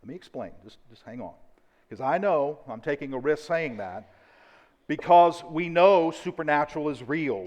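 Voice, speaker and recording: A man preaches from a church stage, his somewhat high voice ringing through a large hall with a long echo. He talks emphatically, hammering repeated phrases and slowing right down on the words that matter. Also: lo-fi sound. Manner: emphatic, repetitive preaching with deliberate slow stresses. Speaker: pastor. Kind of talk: sermon. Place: church auditorium.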